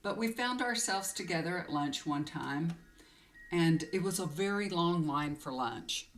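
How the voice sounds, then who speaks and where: A woman's voice: lowish voice, expressive, unhurried, slight background noise. A woman tarot reader telling a personal story to camera in a confiding, emotional way, rambling with many fillers, close to tears. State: tearful.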